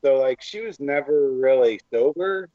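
A man chatting as a podcast guest, easygoing and leaning on filler words. His voice sits at a middle pitch. The recording is slightly dull and lo-fi, with a dry, close sound. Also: animated, moderate pace, dry recording. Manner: laid-back, lots of filler words. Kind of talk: casual storytelling chat.

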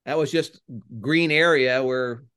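Smooth-voiced older man telling ballpark stories. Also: mid-range voice, unhurried. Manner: rambling, animated when retelling crowd chants. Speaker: former head baseball coach, guest. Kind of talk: casual podcast interview, storytelling.

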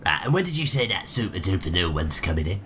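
Man, low voice, bright tone, stammers. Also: big pitch swings, fast, a little hiss or hum. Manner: bumbling, stammering banter. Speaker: player. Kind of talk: playing a tabletop game.

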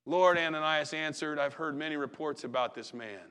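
A man's voice: a little high, a little fast, sharp tone, clean tone. A pastor preaching a sermon in a folksy, conversational way, acting out the quotes he reads.

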